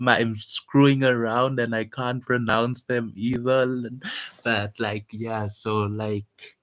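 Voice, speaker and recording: A man talking casually and hesitantly about his own poem, full of fillers and restarts. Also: mid-range voice. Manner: soft-spoken, wistful, guarded. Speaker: poet vlogger. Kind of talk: casual reflective monologue.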